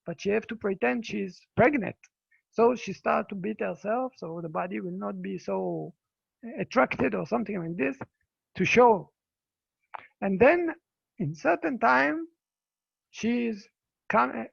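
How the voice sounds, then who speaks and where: Male Buddhist teacher, halting storytelling English; high, dry voice over a lo-fi video call. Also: gravelly, breathy edge, no echo. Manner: halting non-native English, repeats words. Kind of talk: dharma talk storytelling. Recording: dull lo-fi video call audio.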